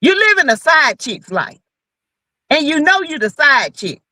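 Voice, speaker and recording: A woman's voice: high-pitched, sing-song, unhurried, sharp tone, no echo. A woman co-hosting a casual gossip show, giving sassy, scolding commentary. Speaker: co-host.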